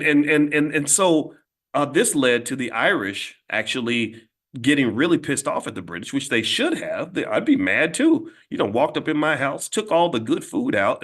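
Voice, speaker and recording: Middle-aged guy riffing blunt and animated on his channel, medium voice. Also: medium pitch. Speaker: host. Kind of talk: casual monologue.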